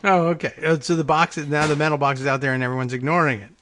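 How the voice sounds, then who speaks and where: Guy co-hosting a chat show, slightly high voice, hesitant, lots of mm-hmms. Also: little pitch movement, very fast, fairly bright tone, slight background noise. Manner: hesitant, lots of restarts and short back-channel replies. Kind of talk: casual chat.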